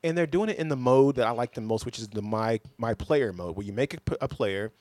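Man, podcast host, casual, swears a lot, teasing, mid pitch, dry close sound. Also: fairly quick, darkish tone, no echo. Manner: laid-back, swears often, teasing.

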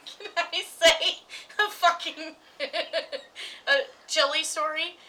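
Woman, podcast co-host, high voice, bright tone, animated storytelling, slightly distant mic. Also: drawn-out words. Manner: animated, laughs often, acts out quoted voices. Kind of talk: casual chat, storytelling.

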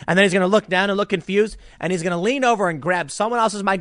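A man giving casual political commentary in an animated, rambling way, often restarting his sentences. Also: sits high, quick pace, dry recording, studio quality.

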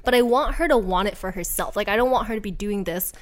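A woman co-hosting a casual podcast chat, expressive and quick to laugh, acting out characters' lines as she talks. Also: medium pitch. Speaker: podcast co-host.

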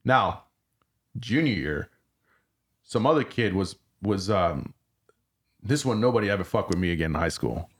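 Male podcast guest, deep-ish voice, candid and profane, loose rambling delivery. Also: animated, moderate pace, long pauses, slightly rough. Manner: rambling, profane, restarts his sentences. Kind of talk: candid storytelling.

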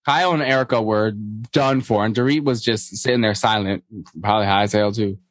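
A man's voice: fairly low pitch, steady tone, a little fast, no room sound. A man co-hosting a casual podcast, chatting playfully about a show. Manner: chatty, playful, acts out people he quotes. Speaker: podcast co-host. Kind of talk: casual recap chat.

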